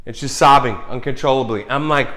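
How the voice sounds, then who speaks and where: A man's voice: mid-range voice, brisk, bright, forceful tone. A man in his forties telling a story in a casual vlog monologue, rambling and cursing with many restarts. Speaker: vlogger.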